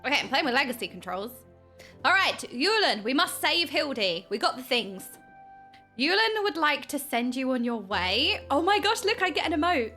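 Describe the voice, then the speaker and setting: A woman with a high voice streams a game at normal speed, chatting playfully and giddily with viewers and squealing when excited. Soft music plays in the background.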